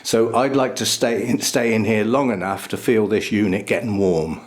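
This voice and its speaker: Inside a small greenhouse, an orchid-growing vlogger gives a chatty, casual walkthrough into a handheld camera mic. His lowish voice holds a steady tone at normal speed, and he chuckles at his own jokes.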